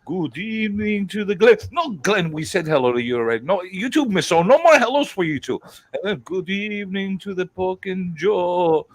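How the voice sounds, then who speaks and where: Man, livestream host, excitable, swears a lot, higher voice, very animated. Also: no echo. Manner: excitable, profane, rapid greetings. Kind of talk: casual livestream chat.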